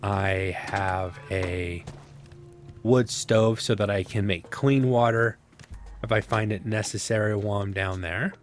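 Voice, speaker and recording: A man's voice: fairly low pitch, fairly even intonation, unhurried, faint music behind. A man casually commenting on his own survival gameplay, rambling to himself with sarcastic asides. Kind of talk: casual let's-play commentary.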